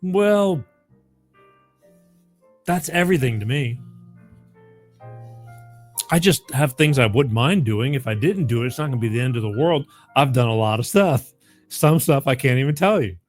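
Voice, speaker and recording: A man's voice: mid-range voice, lively intonation, normal speed, pauses often, faint music behind. Chatty man hosting a call-in show. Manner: rambling, chatty, laughs often, repeats phone number. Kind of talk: casual call-in radio chat.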